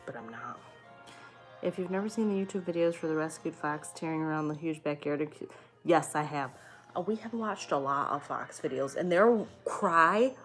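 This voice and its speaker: Young woman chatting on stream from home, kinda low voice, swears a lot, bit of music playing quiet behind. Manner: chatty, swears freely, answers chat comments. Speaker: live streamer chatting with viewers. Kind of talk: casual chat.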